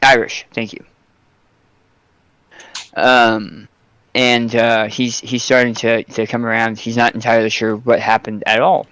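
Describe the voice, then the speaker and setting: A man narrating as game master for a tabletop game, pausing often with ums and restarting sentences. His voice is smooth and clear, recorded dry and close with no room sound. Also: medium pitch, little pitch movement, fairly bright tone, no echo. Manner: hesitant, lots of ums and restarts.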